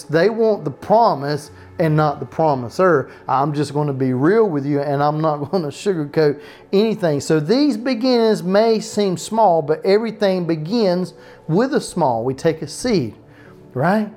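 This is a pastor preaching at home in a loose, talky way, with a voice of middling pitch. The pastor keeps circling back with restarts and quick asides about straying from the notes. It sounds like a small home Bible study, not a big church. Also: expressive, darkish tone, soft background music. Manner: conversational preaching, frequent restarts and off-note asides.

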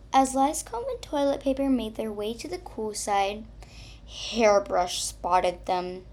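A woman reading a children's story aloud in a slow, expressive way. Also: medium pitch. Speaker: narrator.

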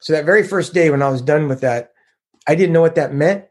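A man's voice: fairly high pitch, brisk. A middle-aged man telling his recovery story in an earnest, confessional way, acting out what others said to him. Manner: earnest, confessional, quotes others in lively voices. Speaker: recovery group member sharing his story. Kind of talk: personal recovery testimony.

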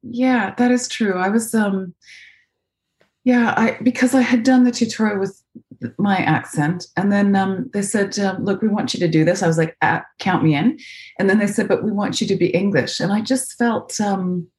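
A woman's voice: mid-range voice, normal speed, a little mellow. A Canadian woman with a North American accent, chatting as a voice actress guest over a video call, thoughtful, with many fillers and restarts. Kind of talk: casual interview chat. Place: home, remote video call.

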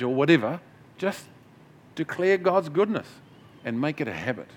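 A man's voice: fairly high pitch, animated, normal speed. A middle-aged man preaching a sermon as pastor, in a conversational way with asides and restarts.

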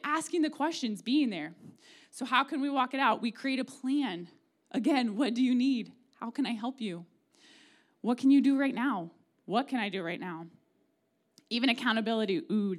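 High-voiced woman preaching a casual sermon. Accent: American Midwestern. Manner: conversational and humorous, acting out quoted prayers. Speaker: pastor. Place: church sanctuary.

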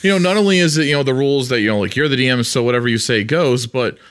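A man talking loosely about running tabletop games, full of fillers and restarts. He laughs easily and slips into quick silly voices. His pitch sits in an ordinary middle range. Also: a bit bright. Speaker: podcast co-host. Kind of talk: casual chat about tabletop game mastering.

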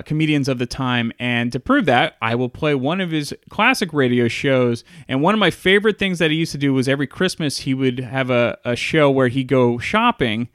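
A man's voice: mid-range voice, a bit bright, dry recording, clean studio sound. Chatty man reviewing old films. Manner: enthusiastic, chatty retelling. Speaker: movie reviewer. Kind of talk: casual video review.

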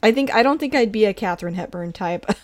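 Chatty woman, casual film discussion, laughs often, acts out quoted lines, middling pitch, dry close sound. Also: lively intonation, fast talker, dry recording.

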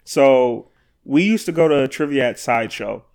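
A man co-hosting a casual podcast chat, an animated storyteller who laughs often and swears freely. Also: mid-range voice, normal speed, smooth. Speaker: podcast co-host.

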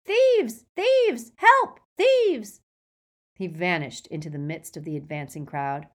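Female audiobook narrator, low-ish register, vivid dramatic delivery. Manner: expressive reading, raising voice for action.

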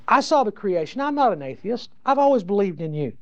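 A man's voice: high-pitched, very animated, brisk. A man voicing a plain, self-assured neighbor who earnestly and defensively pleads his case, in a dry lo-fi recording. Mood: pleading.

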